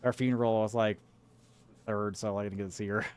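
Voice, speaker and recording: A man's voice: lowish voice, steady tone, quick pace, darkish tone. A man co-hosting a casual chat about games, rambling with lots of filler words and the odd swear. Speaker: podcast co-host.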